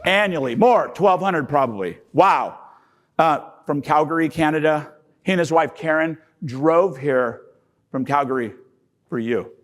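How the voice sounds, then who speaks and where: A man emceeing a convention from the stage, telling a lively anecdote and acting out both sides before bringing on the next speaker. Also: on the high side, a little slow. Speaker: event emcee. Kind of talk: energetic stage introduction.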